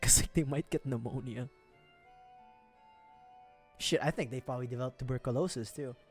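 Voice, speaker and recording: A man's voice: medium pitch, moderate pace, soft background music. A man from the Philippines, streaming, telling a story casually, laughing often and swearing freely.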